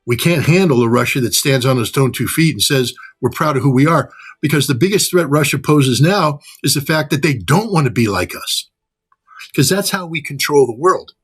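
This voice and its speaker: Blunt, husky American man ranting. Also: mid-range voice, animated, moderate pace. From United States. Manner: blunt and sarcastic, mocks with put-on quoted voices. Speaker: political commentator. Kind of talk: impassioned political commentary.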